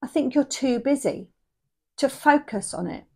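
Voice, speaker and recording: A woman's voice: high voice, lively intonation, unhurried, slightly rough. A woman giving a casual tarot reading, chatty and rambling, often checking in with "yeah?". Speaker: tarot reader.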